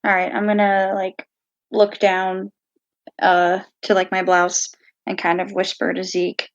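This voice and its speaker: A woman playing a tabletop game, easygoing and relaxed in casual talk. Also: mid-range voice, a little slow, dry recording, dull audio. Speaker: player.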